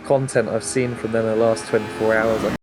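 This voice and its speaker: A man's voice: on the low side, level tone, fairly quick. Hesitant male co-commentator, hissy mic. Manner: hesitant, many fillers, reads out stats and chat. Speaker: race co-commentator. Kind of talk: live sim-racing commentary.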